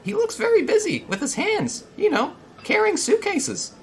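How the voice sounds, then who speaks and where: A man voicing an eager, chatty male tour guide who talks in a high, excitable, overly welcoming way. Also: normal speed, slight background noise, exaggerated voice.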